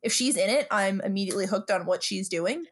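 A woman co-hosting a podcast in casual chat, talkative and quick to laugh, swearing freely. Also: mid-range voice, lively intonation, husky. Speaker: podcast co-host.

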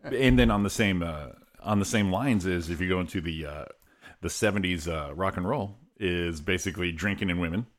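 A man co-hosting a casual morning talk show, rambling in a relaxed way and laughing often. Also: low-pitched, a little fast. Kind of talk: casual chat.

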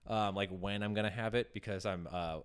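A man with a fairly low voice talks loosely in casual podcast chat. He rambles through lots of filler words, trails off mid-thought, and drops the odd curse between laughs. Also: steady tone, a little fast, smooth. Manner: rambling, filler-heavy, swears, laughs often. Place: near Pasadena.

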